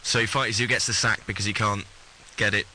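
A man's voice: on the low side, steady tone, fairly quick, bright, forceful tone, slight background noise, rough recording. A man who was born and raised in Britain, chatting easily as an actor guest in an interview. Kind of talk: casual interview chat.

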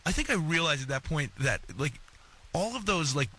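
A man from New York, a guest actor, telling stories in a casual radio chat, fast and animated with lots of fillers. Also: fairly high pitch.

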